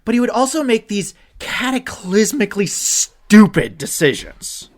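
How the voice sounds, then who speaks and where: A man on a podcast in full sports-rant mode, his fairly high voice lurching between quiet grumbles and heated, swearing outbursts. He talks casually and animatedly, piling on rhetorical questions. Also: measured pace. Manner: animated, swearing, voice rising to near shouts when upset. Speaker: podcast co-host. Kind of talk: ranting sports chat.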